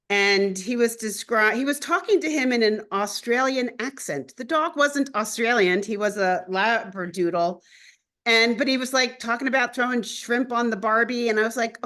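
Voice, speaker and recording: A woman hosting a casual interview, telling lively stories and laughing often as she talks about astrology and animals. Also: a little high, normal speed. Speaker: host and astrologer.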